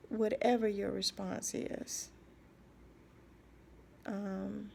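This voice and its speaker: A woman speaking in a halting, soft personal video diary, often dropping to a whisper and repeating herself as she searches for words. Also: medium pitch, creaky, a little hiss or hum. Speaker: vlogger.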